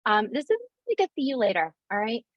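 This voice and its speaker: A woman hosting a webinar on a video call, giving a heartfelt farewell speech with halting fillers. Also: a little high, sing-song, dry recording, highs cut off. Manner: warm and emotional, halting with fillers. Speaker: webinar host.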